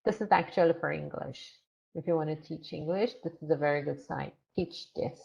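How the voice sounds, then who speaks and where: A woman's voice: deep voice, brisk, gravelly, dark tone. A woman leading a grammar teaching workshop for English teachers, repeating her phrases and acting out short teacher and student exchanges. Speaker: ESL teacher trainer. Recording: dull lo-fi sound.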